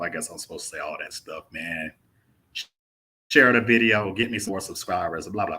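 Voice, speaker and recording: Southern man from Mississippi, young, very low and forceful voice, easygoing livestream host style. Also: brisk, pauses often. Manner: laid-back, drawling, says "man" often. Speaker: travel vlogger hosting a live Q&A. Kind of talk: casual livestream chat reading viewer comments. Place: indoors in a rented apartment.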